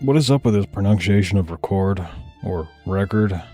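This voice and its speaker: A man's voice: low voice, lively intonation, moderate pace, music in the background. A man commentating on a live stream, rambling in a loose, profane way with mumbled asides.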